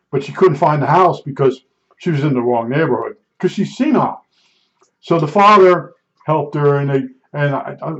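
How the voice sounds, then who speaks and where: A middle-aged man telling a rambling personal anecdote, excitable, restarting sentences and acting out the dialogue. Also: on the high side. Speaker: storyteller recounting an incident. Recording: dull lo-fi recording.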